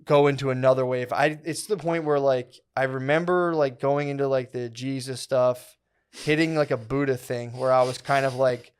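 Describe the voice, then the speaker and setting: A man's voice: mid-range voice, fairly even intonation, normal speed, clean tone. Rambling, profane podcast storyteller man. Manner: loose, profane, fills every phrase with "like" and "dude". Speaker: comedy podcast co-host.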